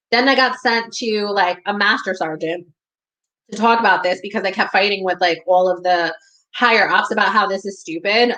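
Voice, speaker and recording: Bright, casual woman telling a story. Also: mid-range voice, low-quality recording. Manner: casual and profane, heavy use of "like". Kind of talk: personal storytelling.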